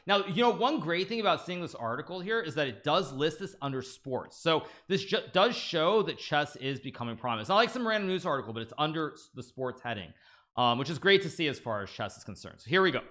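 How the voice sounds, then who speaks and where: A man's voice: medium pitch, brisk. A man on a live stream reading a news article aloud to viewers and commenting casually, stumbling and restarting often with amused asides. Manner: animated, frequent restarts and stammers, amused asides.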